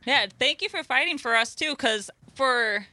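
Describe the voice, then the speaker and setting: Woman co-host, candid and chatty, bright dry sound. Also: high-pitched, lively intonation, moderate pace, no echo. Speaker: podcast co-host. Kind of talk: casual podcast chat.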